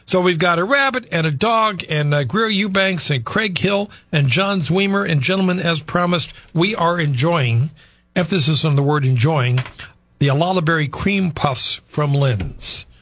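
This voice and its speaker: A man's voice: a little high, moderate pace, fairly bright tone. A man hosting a local radio show, chatting casually and reading promotions in an upbeat way. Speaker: radio host.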